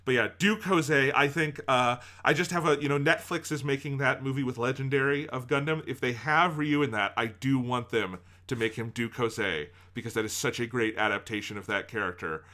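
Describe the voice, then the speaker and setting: Brief: male podcast co-host, bright tense tone, rambling amused casual chat. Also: medium pitch, fairly quick, hardly any pauses. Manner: rambling, amused, filler-heavy.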